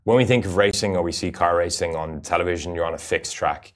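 Deep deep voice, guy, rally racer answering interview qs, earnest, lots of uhs. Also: fast. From Ireland. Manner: earnest and explanatory, many "uh" fillers.

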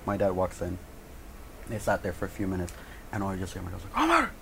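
A man's voice: deep voice, level tone, fast, gravelly, slight background noise. A man cohosting a podcast, telling a story in casual chat, acting out quotes and swearing freely.

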